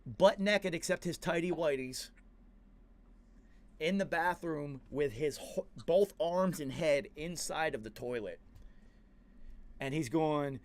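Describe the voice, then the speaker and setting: Slangy man telling a wild story. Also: on the high side. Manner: slangy and profane, says "yo" and "dude" a lot. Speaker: podcast host. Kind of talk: casual storytelling.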